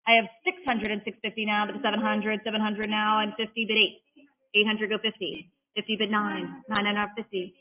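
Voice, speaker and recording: An auctioneer calling bids at a live auction in a rapid-fire chant, mixing in playful patter between the numbers. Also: medium pitch, level tone. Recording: tinny phone-like audio.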